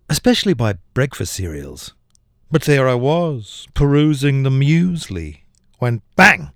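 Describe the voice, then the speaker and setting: A man's voice: medium pitch, no room sound, clean studio sound. A man, a poet, performing his comic poem with a theatrical delivery and big dramatic swings in his voice. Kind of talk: performance poetry reading.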